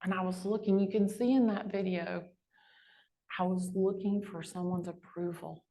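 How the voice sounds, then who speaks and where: A woman, a real estate agent giving a chatty, animated storytelling talk to a live audience. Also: medium pitch, moderate pace. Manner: chatty, animated storyteller with lively quoted voices.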